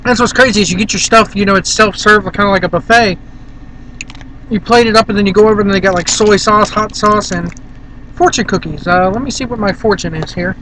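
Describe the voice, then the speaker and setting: Guy from virginia rambling in his car, high bright voice, faint traffic noise behind. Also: a little fast, low-quality recording. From Virginia, USA. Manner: rambling, chatty, blunt. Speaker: vlogger. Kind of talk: casual vlog chat.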